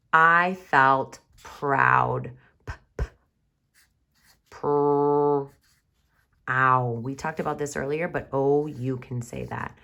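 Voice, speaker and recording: A woman kindergarten teacher giving a remote writing lesson to young children, sounding out words slowly and reading her story aloud with exaggerated expression, recorded on camera at home. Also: low voice, sharp tone. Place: home, recorded for online class.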